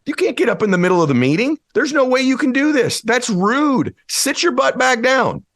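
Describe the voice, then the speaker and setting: A man voicing an officious stranger who blocks the way and scolds in a shrill, bossy tone. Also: fairly quick, gravelly, bright, forceful tone, full character voice.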